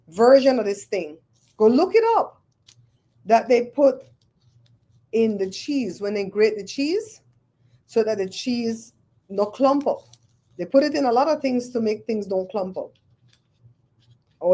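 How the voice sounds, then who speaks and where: A woman, hosting a livestream and chatting with viewers, telling stories in an animated, exclaiming way. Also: mid-range voice. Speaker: livestream host. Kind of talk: casual chat with live viewers.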